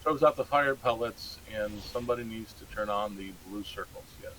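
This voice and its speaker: A man's voice: on the low side, normal speed, bright, forceful tone, slight background noise, rough recording. A man adding practical, firm reminders about game tactics over voice chat, on a headset. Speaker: raid member adding advice.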